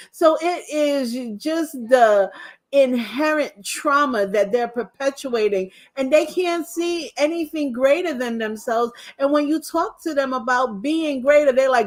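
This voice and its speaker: A woman's voice: high voice, normal speed. A woman talking on a political talk show in a passionate, preachy way. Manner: passionate, preachy, mimics people she quotes.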